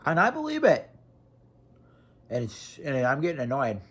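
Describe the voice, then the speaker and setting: A man's voice: medium pitch, wildly swooping pitch, moderate pace, a bit bright, husky. A young man from Wisconsin, ranting casually to camera with blunt, profane talk and lots of restarts. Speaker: vlogger.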